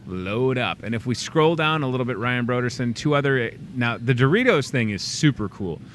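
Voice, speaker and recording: A man's voice: mid-range voice, normal speed, a little hiss or hum. A man hosting a local store show, chatting casually and jokingly while plugging events and deals. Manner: chatty, joking asides, lively promo delivery. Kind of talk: casual local promo chat.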